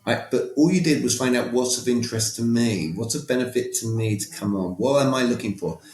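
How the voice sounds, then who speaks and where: A man's voice: medium pitch, a little fast, a little mellow, reverberant. A man talking as a podcast guest, emphatic and coaching in tone, often repeating words and asking rhetorical questions. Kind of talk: conversational coaching talk.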